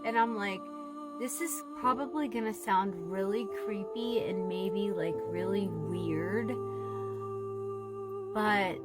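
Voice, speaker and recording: Loud music plays behind a woman with a medium-pitched voice who speaks slowly. She's a TikTok storyteller in Southwest Florida, telling her viewers a rambling, emotional tale in a casual way and often addressing them as "you guys."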